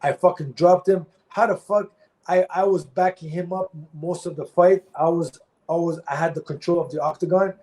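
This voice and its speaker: Male ex-fighter guest, blunt and profane, slightly high voice, repeats himself when angry. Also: fairly even intonation, normal speed, dark tone, rough recording. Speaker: former pro fighter, guest. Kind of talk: candid interview talk.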